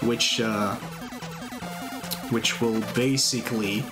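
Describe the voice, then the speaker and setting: A relaxed man talks through his speedrun live. He explains the controls and dangers as he goes, checking in with chat. Bright game music plays clearly underneath his voice. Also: on the low side, slow. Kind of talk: live commentary while playing.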